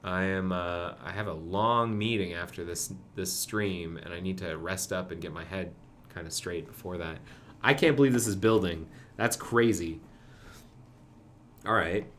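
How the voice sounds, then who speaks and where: Deep voiced guy live coding, talking to himself, faint typing behind. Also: a little slow, a bit bright, a little hiss or hum. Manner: thinks aloud, mutters to himself. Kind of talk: casual live-coding commentary.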